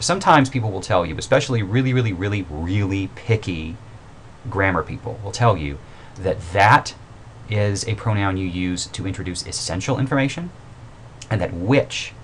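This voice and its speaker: A writing instructor with a very low voice gives a recorded mini-lecture on grammar, keeping it loose and conversational. His explanation is informal, dotted with fillers and self-corrections as he goes. A faint hiss runs beneath the recording.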